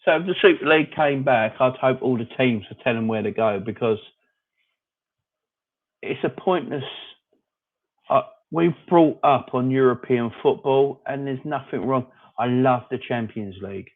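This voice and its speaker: Man on a tinny, phone-like line. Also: mid-range voice. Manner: rambling, opinionated, answers viewers by name. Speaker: fan channel host reading live chat. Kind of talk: casual live-stream chat. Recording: phone-like narrow audio.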